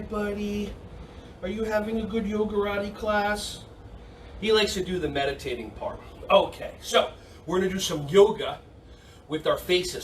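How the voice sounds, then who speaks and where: A man leading a kids' yoga and karate class, cheerful and encouraging, repeating his praise and sometimes bursting into shouts. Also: fairly high pitch, far from the mic, a little hiss or hum. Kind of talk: upbeat kids' class instruction. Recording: echoey room, voice off-mic.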